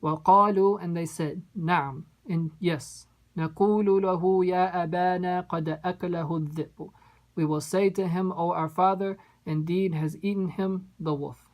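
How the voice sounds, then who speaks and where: Woman, lowish voice, brisk, Arabic lesson, phrase-by-phrase translation with grammar notes. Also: steady tone, low-quality recording. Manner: reads a phrase, then translates and explains its grammar. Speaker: Arabic teacher. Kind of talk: line-by-line text translation lesson.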